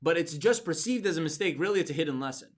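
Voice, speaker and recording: A man's voice: on the high side, expressive, quick pace. A man hosting a podcast for entrepreneurs, giving a motivational talk with emphatic repeats and restarts. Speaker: podcast host.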